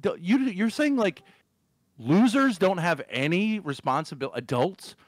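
A man's voice: high-pitched, expressive, unhurried, no echo. A man arguing on a stream panel, crude and interrupting. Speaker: debate panelist.

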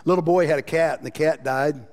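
A man preaching a sermon as pastor, impassioned, moving between loud emphasis and quiet passages. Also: on the high side, fairly quick. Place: church sanctuary. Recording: long reverb of a church hall.

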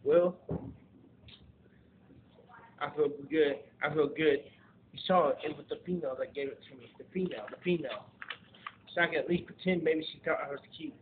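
A man ranting and swearing as he films himself outdoors and in a fast-food place. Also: fairly high pitch. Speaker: vlogger. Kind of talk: angry street vlog. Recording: tinny phone-like audio with faint hiss.

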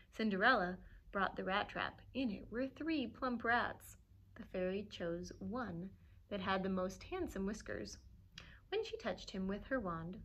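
Reading to a group of children, a librarian brings a storybook to life with lively expression, pausing to laugh softly at the illustrations. She speaks in a mid-range voice.

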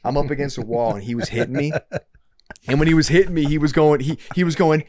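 A man in his thirties from Michigan, telling a story as a podcast guest in a loose, profane, animated way. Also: a little high, quick pace, heavy background noise. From Dearborn, Michigan, US. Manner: profane, animated, repeats himself when excited. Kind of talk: casual storytelling.

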